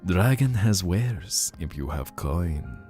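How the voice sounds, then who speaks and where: A male desert dragon merchant put on by a man, speaking low and slow in a hushed, tempting murmur. His pitch still swoops and rolls as he dangles treasures before the listener. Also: expressive, faint music behind.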